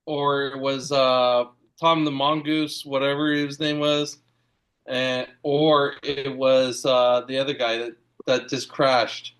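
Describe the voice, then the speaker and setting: Slow, smooth-voiced man. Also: mid-range voice, flat delivery, a bit bright. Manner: halting, searching for names. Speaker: co-host. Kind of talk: casual panel chat.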